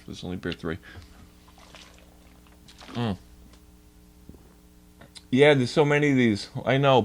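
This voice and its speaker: A man livestreaming and ranting in a heated, profane way to his chat. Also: fairly low pitch. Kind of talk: casual livestream rant.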